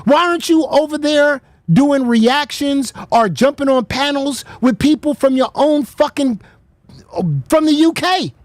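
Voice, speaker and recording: Blunt and full of swearing and mocking laughter, an American woman delivers heated commentary as host of a reaction show. Her voice sits high and a little mellow, a little slow, on a dry recording.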